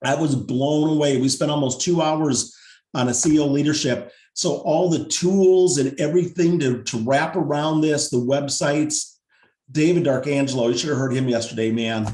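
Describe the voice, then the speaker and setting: A man leading a team video call, pitching a pay plan in an upbeat, salesy way and going over the numbers more than once, his voice wearing thin. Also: normal speed, mellow, echoey room. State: losing his voice.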